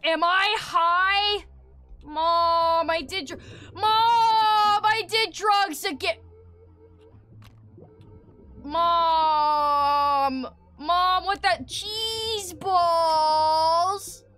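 A woman's voice: sits high, moderate pace. Woman doing a whiny southern kid boy. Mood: dazed wailing. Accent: Southern US, put on. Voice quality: whiny, loud and demanding. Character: whiny bratty southern kid boy nagging his mom. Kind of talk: comedic voice while streaming a game.

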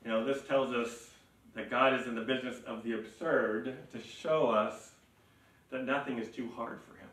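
A man preaching a sermon as pastor, animated and laughing, acting out mocking voices as he reads. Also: mid-range voice, moderate pace. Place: church sanctuary. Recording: echoey church hall, mic at a distance.

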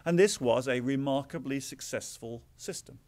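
A middle-aged Englishman speaking at a lectern, his voice sitting at an ordinary middle pitch. He explains things plainly to a live audience. His asides come out wry and self-deprecating. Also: normal speed, darkish tone. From England. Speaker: author giving a talk. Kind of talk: public lecture.

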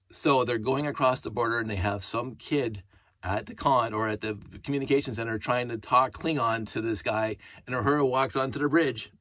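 Husky man rambling on tangents. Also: medium pitch, brisk, fairly bright tone, no echo. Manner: rambling, going off on tangents and humming to himself. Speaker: hobbyist vlogger. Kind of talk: casual rambling monologue.

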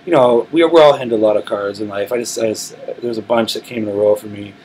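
A man's voice: fairly low pitch, fast talker, a little hiss or hum, rough recording. A male musician in a studio interview, telling rambling stories with lots of restarts. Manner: relaxed, rambling storytelling with frequent restarts. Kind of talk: casual interview talk. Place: recording studio.

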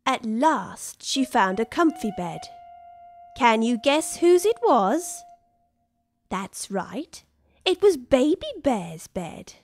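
A woman reading a children's story aloud, expressive and unhurried. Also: fairly high pitch, no room sound. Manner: slow, lively, expressive. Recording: dry studio with soft music.

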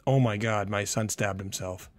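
A man's voice: lowish voice, fairly even intonation, normal speed, dry recording, close to an everyday voice. A man voicing a panicked young adoptive mother, pleading breathlessly on an emergency call. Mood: frantic.

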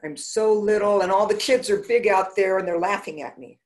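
A woman's voice: mid-range voice, moderate pace, lightly acted. A woman briefly voicing a seven-year-old girl patient, speaking in the child's words. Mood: anxious.

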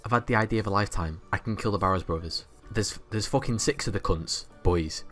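A man's voice: on the low side, a little fast, a bit bright, soft background music. A young man, host of a gaming channel, giving cocky, boastful gameplay commentary full of banter and swearing.

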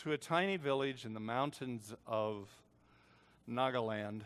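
An older man preaching a storytelling sermon, swinging between hushed and loud lines. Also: mid-range voice, a little slow, clean tone, big-room sound. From United States.

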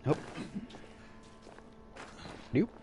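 Jokey gaming host. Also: male voice, drawn-out words, dark tone, faint music behind. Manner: jokey, silly asides. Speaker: let's play host. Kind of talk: gaming commentary.

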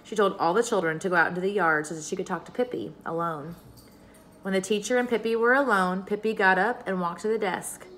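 A woman reading a children's chapter book aloud, expressive and steady. Her voice sits in a mid range and carries the story along plainly. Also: medium pitch, brisk, a little hiss or hum. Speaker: reader.

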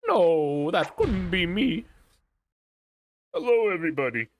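A tired man streams a game and rambles crudely and goofily to his chat, sometimes slipping into silly voices. His voice sits high with big swings in pitch, and he speaks slowly over slight background noise.

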